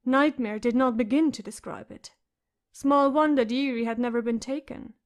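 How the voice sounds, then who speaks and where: High-voiced woman narrating an audiobook. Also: normal speed.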